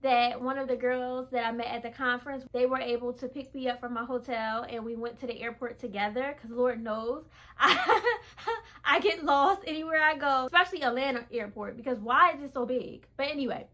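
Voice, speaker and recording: Bright, high-voiced woman telling a story. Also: a little fast. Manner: animated, chatty, laughs often. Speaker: faith vlogger. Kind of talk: casual storytelling to camera.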